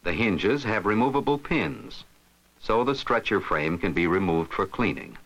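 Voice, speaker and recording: Man narrating a lively how-to lesson. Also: lowish voice, a little slow, rough recording. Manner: steady, instructive, step-by-step. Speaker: instructional film narrator. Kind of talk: scripted narration.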